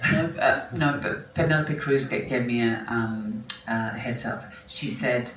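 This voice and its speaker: With a bass voice that's unhurried and a bit bright, a film actress reflects on interview questions as an onstage guest, often restarting and correcting herself mid-sentence. It's a festival talk in a large hall, recorded roomily on a distant mic with faint ambience and a little hiss or hum.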